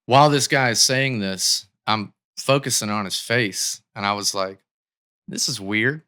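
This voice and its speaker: A man with a slightly low, bright and clear voice tells a story in a casual podcast interview. He talks loosely, full of likes and restarts, into a studio microphone. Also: moderate pace. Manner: conversational, with many likes and restarts. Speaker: podcast guest.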